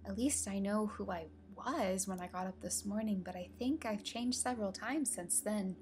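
A woman's voice: mid-range voice, normal speed, darkish tone, slight background noise, lightly acted. A woman voicing a shy, polite young girl who talks hesitantly and earnestly, over faint music.

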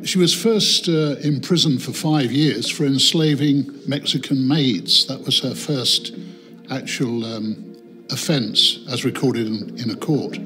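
A man's voice: mid-range voice, measured pace, a bit bright, faint music behind. A man commenting in a documentary interview, thoughtful with many hesitations.

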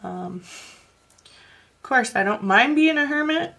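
A woman from northern Wisconsin, hosting a coloring channel and chatting casually, rambling with soft laughs and fillers. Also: sits high, animated, slow pace, creaky. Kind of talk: casual chat while coloring.

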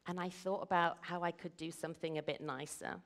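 Une femme qui joue un petit garçon anglais colérique et inquiet, à la voix haute et suppliante, dans une histoire pour enfants. Le ton monte, vif et tendu. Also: female voice, steady tone, fairly quick, vocal fry, fairly bright tone. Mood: thoughtful. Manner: high, fretful, pleading child voice. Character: anxious little boy, quick to anger.

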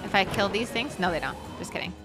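A young woman commenting on her own game playthrough, excitable, gasping and squealing often. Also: mid-range voice, fast. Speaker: gaming streamer. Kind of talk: let's play commentary. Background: game music.

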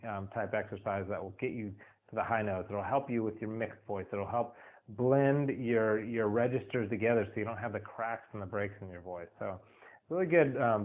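A man giving a casual singing lesson, rambling, repeating himself and filling pauses with "um" and "uh". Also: medium pitch. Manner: rambling, repeats words, many fillers. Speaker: singing teacher. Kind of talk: casual spoken vocal lesson. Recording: tinny phone-like audio.

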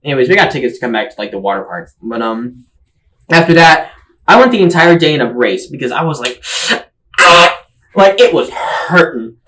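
A man telling a story on a casual podcast, excitable and rambling, with lots of fillers and laughter. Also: medium pitch, brisk, slight background noise, poor audio. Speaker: podcast co-host telling stories. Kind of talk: casual chat, animated storytelling.

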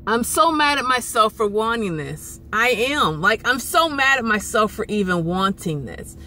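A woman's voice: a little high, lively intonation, normal speed, pushed and bright, a little hiss or hum. A woman in her thirties venting to camera in a frustrated, rambling way, often repeating herself. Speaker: vlogger. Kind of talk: emotional venting vlog.

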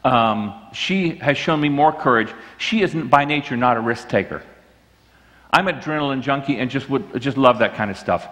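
A pastor preaches a sermon in a church sanctuary, earnest and often restarting his sentences. His mid-range voice is fairly bright, with lively intonation and normal speed, and the recording carries church hall reverb.

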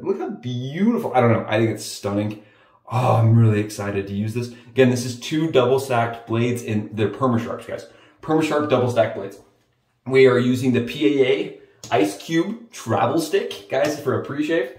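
A man shaves his head while chatting enthusiastically to camera, frequently calling his viewers "guys." His voice is mid-range with a darkish tone, picked up by a distant mic in a room with roomy echo.

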